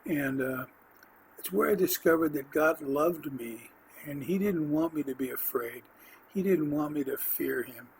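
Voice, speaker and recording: Man, podcast host, faith testimony, earnest, rambling, slightly high voice. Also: measured pace, a little hiss or hum, low-quality recording. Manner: earnest, rambling, with restarts and throat clearing. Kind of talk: personal faith testimony, casual storytelling.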